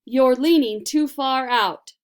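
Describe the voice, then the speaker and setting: A woman's voice: sits high, takes it slowly, voice pushed up. A woman reading a storybook aloud and voicing a stuffy, pompous father who speaks in a dry, matter-of-fact way.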